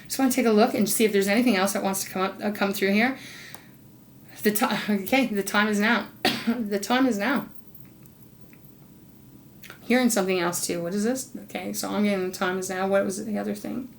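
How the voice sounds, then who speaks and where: A woman's voice: medium pitch, a little fast, creaky, long pauses, a little hiss or hum. Effusive woman tarot reader, gushing. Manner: effusive, bubbly, gushing with excitement; talks to spirit, murmurs softly while drawing cards. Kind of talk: casual tarot reading monologue.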